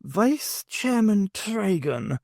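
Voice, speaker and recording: A man's voice: on the high side, animated, unhurried, a little mellow, dry recording, studio quality, pitched above the performer's own voice. A man voicing a wheezy, courtly old male president who turns stern when crossed, in a novel reading. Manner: courtly, turning sharply stern.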